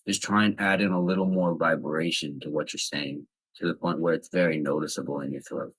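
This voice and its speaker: A young man with a very low, husky voice talks casually through voice tips. He rambles a little and leans on fillers as he explains, keeping things relaxed and informal. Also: fairly quick, poor audio. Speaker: voice tips vlogger. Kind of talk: casual instructional talk.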